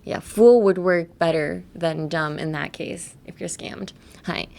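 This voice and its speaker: A woman hosting a bilingual lesson, explaining English slang and drilling phrases slowly, switching between English and Japanese. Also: lowish voice, creaky, a little mellow. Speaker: English teacher and host.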